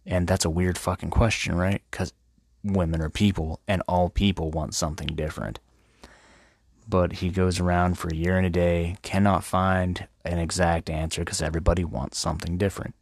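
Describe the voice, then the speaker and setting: A man's voice: sits low, level tone, moderate pace, creaky, no room sound, studio quality. A man retelling classic literature as crude comedy, profane and slangy. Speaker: host.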